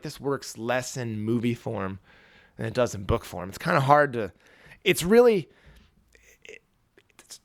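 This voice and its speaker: Gravelly man rambling about a book. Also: fairly high pitch. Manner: rambling, profane, frequent restarts. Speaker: podcast host. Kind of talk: casual book discussion.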